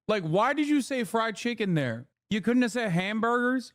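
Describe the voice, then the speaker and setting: A man's voice: high voice, very animated, normal speed, few pauses, no room sound, clean studio sound. A man streaming commentary, ranting in a mocking, exasperated way. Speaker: streamer reacting to clips. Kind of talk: casual commentary.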